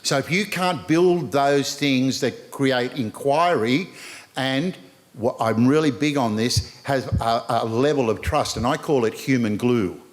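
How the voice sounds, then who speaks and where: An Australian man in his sixties, speaking earnestly on a live panel and addressing the audience directly, with frequent repetition. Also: mid-range voice. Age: 60s. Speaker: panel speaker and university lecturer.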